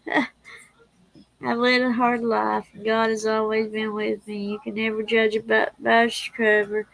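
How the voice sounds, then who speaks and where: A woman's voice: fairly high pitch, gravelly, fairly bright tone, no echo, low-quality recording. A woman hosting a casual livestream, reading prayers and speaking tenderly and emotionally. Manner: tender, emotional, laughs easily.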